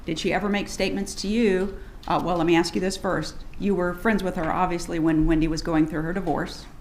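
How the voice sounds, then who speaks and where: Woman attorney in court: lower voice, measured questions, lots of "okay", faint hiss underneath. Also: fairly even intonation, a little mellow. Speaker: defense attorney. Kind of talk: courtroom direct examination.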